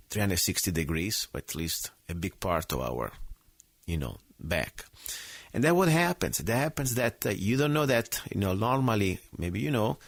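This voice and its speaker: A man hosting his own radio talk show, speaking in an impassioned, outspoken monologue that swings from loud emphasis to low asides. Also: dry recording, studio quality.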